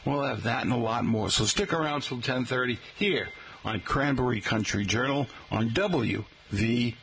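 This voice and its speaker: A man's voice: medium pitch, moderate pace, fairly bright tone. A middle-aged man with a Boston accent, hosting a live local radio show in a chatty, folksy way and calling his listeners folks. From Massachusetts. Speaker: radio host. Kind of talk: live radio talk segment. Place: radio studio in a restaurant.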